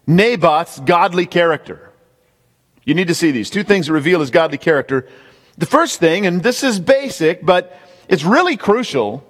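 A man preaching a sermon, emphatic, repeating key points and speaking straight to the congregation. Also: a little high. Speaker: pastor. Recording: long hall reverb.

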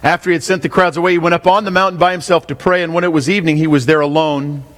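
A man's voice: a little high, steady tone, rapid-fire, a bit bright. A man preaching an expository sermon. He often asks his listeners questions and repeats his main points. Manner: asks the congregation questions, repeats key lines. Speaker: pastor. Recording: long hall reverb.

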